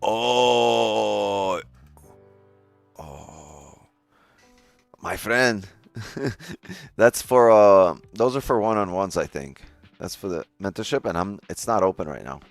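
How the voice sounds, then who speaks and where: A man's voice: on the low side, slow pace, vocal fry, pauses often, dry recording, soft background music. A man hosting a casual trading live stream, talking straight to his chat in a loose, joking way and swearing often.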